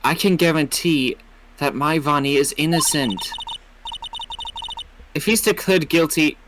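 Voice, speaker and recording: A man voicing a doting, flirty wife with a mock French accent, sweet but quietly menacing, over background music. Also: fairly high pitch, a little slow, background noise, lightly acted. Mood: sweetly menacing. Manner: sugary, coaxing, playful.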